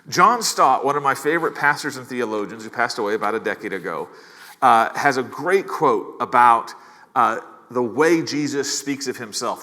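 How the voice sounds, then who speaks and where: A man's voice: mid-range voice, bright, forceful tone, long reverb tail. A male pastor preaching a sermon in a conversational way, with casual asides and key phrases repeated. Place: church.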